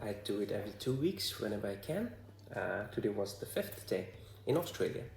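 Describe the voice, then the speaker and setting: A man from Bhutan with a Bhutanese accent, talking to the camera in a hesitant, halting way full of fillers. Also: fairly low pitch, very animated, gravelly, a little mellow, roomy sound. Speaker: vlogger. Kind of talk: casual talk to camera.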